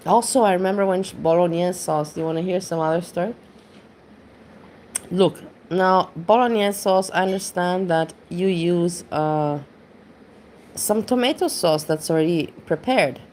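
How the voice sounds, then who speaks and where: A woman's voice: lowish voice, normal speed, darkish tone, a little hiss or hum. A woman rants bluntly and casually, swearing freely and rambling as she goes. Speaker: commentary streamer. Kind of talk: casual rant.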